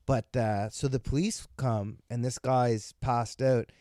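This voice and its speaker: A man's voice: mid-range voice, steady tone, slow, mellow, no room sound. Rambling storyteller man, dry close mic. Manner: rambling, many restarts. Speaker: podcast guest, comedian. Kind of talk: casual storytelling.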